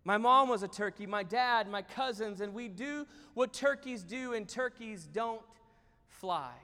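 A man's voice: high voice, measured pace, pushed and bright. A man voicing a restless young male eagle who thinks he is a turkey, speaking in an eager, pleading way, in a church hall with reverb. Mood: dejected.

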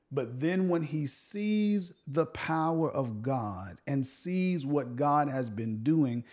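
A man co-hosting a casual Bible discussion, thoughtful and unhurried, with many fillers and restarts. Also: on the high side, lively intonation, a little mellow. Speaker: podcast co-host.

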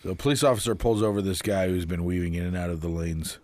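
A man telling a joke in casual chat, with a steady, plain delivery. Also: low-pitched, fast, dry recording. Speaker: joke teller.

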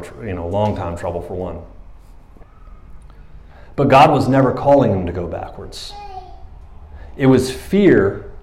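Animated male pastor preaching a sermon. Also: lowish voice. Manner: animated, acts out Bible characters in quick voices.

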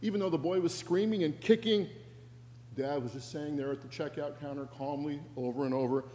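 A man preaching as a pastor, telling a story in a wry, conversational way, his voice softening at the ends of phrases. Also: a little high, fairly quick, a little hiss or hum. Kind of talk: sermon storytelling. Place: church sanctuary. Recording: long church reverb.

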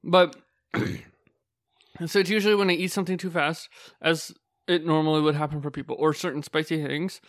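A man's voice: a little high, fairly even intonation, a little fast, no room sound, studio quality. A man co-hosting a podcast, talking in an easygoing, joking way. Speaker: podcast co-host. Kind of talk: casual chat.

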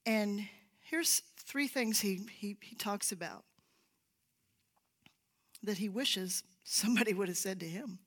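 Slow, unhurried woman preaching. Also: medium pitch, a bit bright. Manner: storytelling, drops to a whisper for emphasis. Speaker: church speaker. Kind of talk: sermon-style teaching. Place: church sanctuary.

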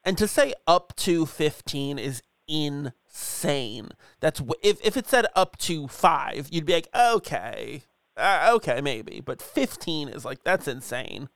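A man's voice: on the high side, lively intonation, unhurried, hardly any pauses, fairly bright tone, no room sound. A man co-hosting a podcast in casual chat, cracking dry jokes and laughing often.

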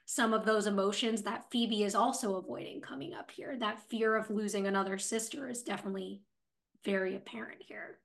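A woman's voice: mid-range voice, fairly even intonation, fairly quick, gravelly. A woman co-hosting a podcast, casually discussing a TV episode and building on her co-host's points. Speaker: podcast co-host.

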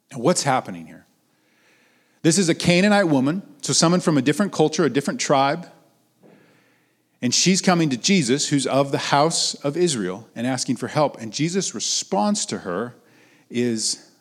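A young adult man giving a conversational sermon as a pastor, rising to emphatic points and then dropping low and soft. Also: expressive, moderate pace. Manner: conversational preaching, swinging between raised emphatic lines and low trailing ones.

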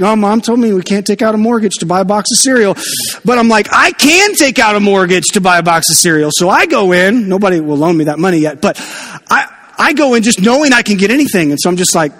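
A man preaching a sermon in a church, chatty and animated with jokey asides. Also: high-pitched, in a large hall. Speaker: pastor.

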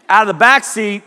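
A man preaching a sermon, telling a personal story in an animated way and sometimes shouting quoted lines. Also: high voice, vocal fry. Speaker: pastor. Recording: long hall reverb.

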